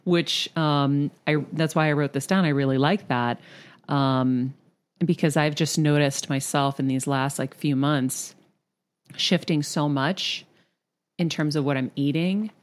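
A woman with a low-pitched voice chats on a podcast. She is middle-aged and tells her stories candidly and casually, with animated moments. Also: measured pace. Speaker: podcast host.

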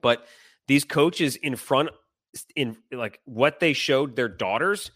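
A middle-aged man telling a heated personal story on a podcast, animated and swearing, acting out the people he quotes. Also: mid-range voice, slow, no echo, clean studio sound. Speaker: podcast co-host. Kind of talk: casual storytelling chat.

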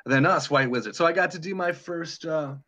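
Lo-fi sound carries a slightly high, pushed and bright voice moving a little fast. A middle-aged Detroit guitarist on tour reminisces in a casual interview, rambling, often starting over and now and then swearing.

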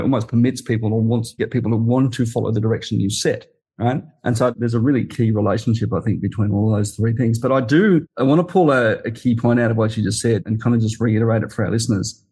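A man hosts a casual podcast interview in a voice that is a little husky, at a middle pitch. He laughs easily and keeps checking in with his guest, with a "right?" or a "you know" every few phrases. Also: darkish tone. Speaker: podcast host.

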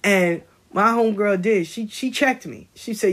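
A spiritual content creator with a mid-range voice speaks unhurriedly in a casual livestream monologue. She is blunt and profane, telling stories and preaching about honesty.

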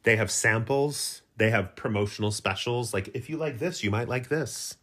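A woman's voice: very deep voice, moderate pace. A middle-aged woman co-hosting a podcast, chatting casually and acting out funny stories with quoted voices and plenty of swearing. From Utah. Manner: animated storyteller acting out quotes, swears freely. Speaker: podcast co-host. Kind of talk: casual chat, storytelling.

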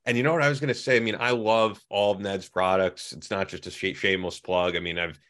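A man's voice: low-pitched, fairly even intonation, fast, a bit bright. A man hosting a podcast in casual chat, upbeat and promotional. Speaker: podcast host.

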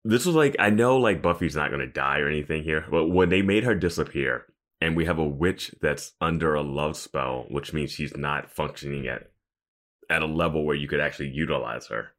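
A man's voice: extremely low pitch, fairly quick, a bit bright. A young man co-hosting a podcast, chatting casually and reacting with frequent laughs. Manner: laughs often, enthusiastic reactions. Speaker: podcast co-host. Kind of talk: casual recap chat.

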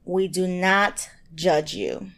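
A woman's voice: on the low side, very animated, slow, creaky, fairly bright tone. An American woman co-hosting a podcast in casual chat, playful and teasing, often joking and laughing. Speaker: podcast co-host.

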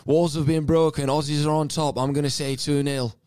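A man doing an impression of an excitable older male English cricket commentator, calling his predictions in loud, clipped bursts. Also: fairly high pitch, a little fast, pitched above the performer's own voice, close to an everyday voice. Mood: excited.

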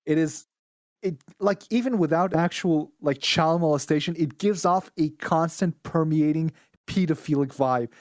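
A man's voice: a little high, normal speed, a little mellow, no room sound, clean studio sound. A man from Israel, a podcast guest, ranting bluntly and profanely in casual chat.

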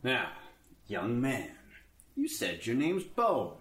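A pompous small-town constable, blustering and slow on the uptake in a 1930s comedy film. His mid-pitched voice bounces around with lively swings. The old soundtrack sounds roomy. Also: heavily acted. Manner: blustering, self-important, slow to catch on. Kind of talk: 1930s screwball film acting.

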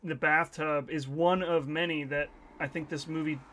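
A man weighs his opinions on a film in a casual podcast chat. He hedges and restarts as he thinks. His voice sits fairly high for a man. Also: fairly even intonation, moderate pace, a bit bright, a little hiss or hum. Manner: thoughtful, hedging with restarts.

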